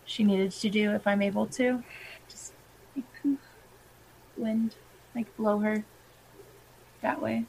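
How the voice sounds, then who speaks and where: A woman's voice: mid-range voice, a little hiss or hum, rough recording. A woman playing a tabletop game who thinks aloud with hesitant, roundabout phrasing. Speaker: player.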